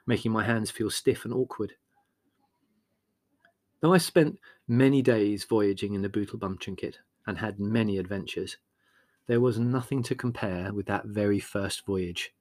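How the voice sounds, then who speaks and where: A man narrates an audiobook script in a lowish voice, his storytelling measured and expressive. The audio is dry and of studio quality.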